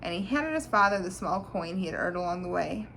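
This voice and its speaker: A woman reading a storybook aloud to a child, animated and pointing out the pictures as she goes. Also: fairly low pitch, a little fast, gravelly, background noise.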